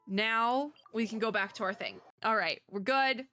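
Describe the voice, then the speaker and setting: A young woman doing let's play commentary on a video game, animated and chatty, laughing to herself. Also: on the high side, normal speed, clear, resonant tone, faint music behind. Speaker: gaming YouTuber.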